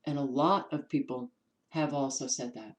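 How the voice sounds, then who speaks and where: A woman with a New York accent, hosting her own channel and giving casual commentary as she reads from documents, pausing with ums and restarting words. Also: rumbling low, steady tone, muffled recording. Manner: unhurried, stops to restart words, many ums. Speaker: channel host.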